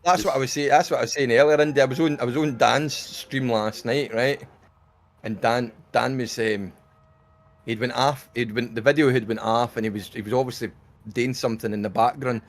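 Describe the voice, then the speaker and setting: A man's voice: mid-range voice, fairly even intonation, fairly quick. Swearing, laughing Scottish man. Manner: swears freely, laughs often, tells stories. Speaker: streamer. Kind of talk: casual gaming chat.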